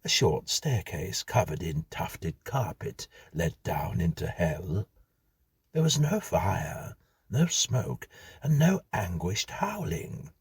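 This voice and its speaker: A man reading a whimsical story aloud in a measured, dry-humored manner. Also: sits low, big pitch swings, breathy edge, no echo. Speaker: narrator. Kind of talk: scripted storytelling.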